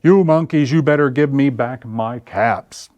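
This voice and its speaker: A man voicing a frustrated male cap peddler who shouts and scolds, in a storybook read-aloud. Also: medium pitch, unhurried, dry recording, lo-fi sound, voice pushed up, close to an everyday voice. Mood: angry. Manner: shouting, exasperated.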